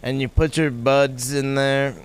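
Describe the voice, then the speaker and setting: A man's voice: medium pitch, flat delivery, measured pace, clean tone. Crude, rambling male talk show host. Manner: rambling, profane, hesitant. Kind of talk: crude casual chat.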